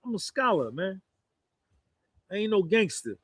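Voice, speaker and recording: A man's voice: sits high, big pitch swings, unhurried, dry recording. A man, giving a boastful, rambling monologue that keeps circling back on itself. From New Jersey, US. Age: 50s. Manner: rambling, repeats "you understand".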